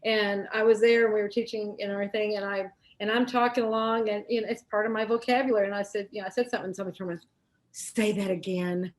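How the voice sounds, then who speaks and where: A woman's voice: medium pitch, steady tone, very fast, hardly any pauses, slight background noise. A middle-aged woman with a Southern US accent hosts a casual live-stream chat, chatty and laughing often. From American South. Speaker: show host.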